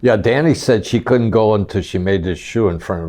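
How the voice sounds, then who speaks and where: A man with a very deep voice leads a conversational interview, chiming in with short, low-key remarks and questions. He plays the role of host drawing out a guest's memories. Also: moderate pace, darkish tone. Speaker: editorial director, interviewer.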